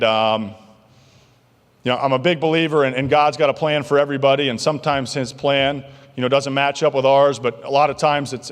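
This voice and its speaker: A male keynote speaker telling stories in an animated, jokey way to a banquet crowd. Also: mid-range voice. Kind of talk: motivational keynote storytelling. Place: large banquet hall. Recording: long reverb of a large hall.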